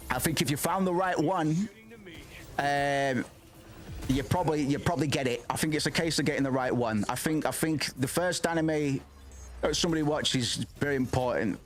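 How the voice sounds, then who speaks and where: A man in his thirties with a fairly high-pitched voice chats casually on a stream at a moderate pace. He rambles, swears freely, and keeps restarting his sentences.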